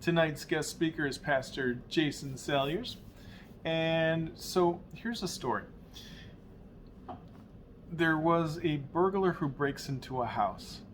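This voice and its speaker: A middle-aged man hosting a church video message, telling stories in an unhurried conversational way. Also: mid-range voice, a bit bright, slight background noise. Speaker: pastor and show host.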